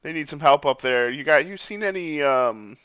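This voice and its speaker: Bright-voiced man on a muffled mic. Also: a little high, expressive, normal speed, clear, resonant tone, dry recording. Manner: hesitant, filler-heavy. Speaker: player. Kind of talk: tabletop role-play.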